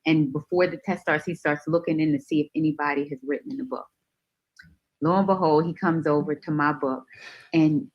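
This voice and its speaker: Female radio guest, lower pitch, animated storyteller, muffled lo-fi recording. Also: slightly rough. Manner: lively, expressive, laughs easily. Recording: dull lo-fi sound.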